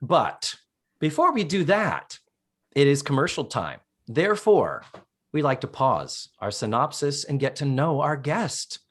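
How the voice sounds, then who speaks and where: A man co-hosting a podcast, giving a casual, lively recap of a TV episode and swearing freely. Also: fairly high pitch, measured pace, husky. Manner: animated storyteller, swears casually. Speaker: podcast co-host.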